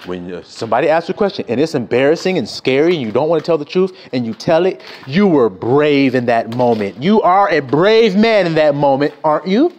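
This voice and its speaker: Fiery, profane preaching man. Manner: emphatic, profane, swings from low mutters to shouts. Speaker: self-styled preacher. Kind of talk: fiery street-style sermon.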